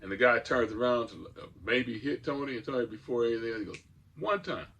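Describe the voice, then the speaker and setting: Older male co-host, gravelly, rambling anecdotes. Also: mid-range voice, quick pace, fairly bright tone. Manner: rambling, restarts often, chuckles through stories. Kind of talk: casual storytelling chat.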